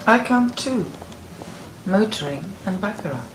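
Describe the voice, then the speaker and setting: A woman's voice: medium pitch, lively intonation, a little slow, natural voice, poor audio. A woman reading a flirtatious casino woman in an audition scene, with a sly, teasing delivery. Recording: hissy old audition tape.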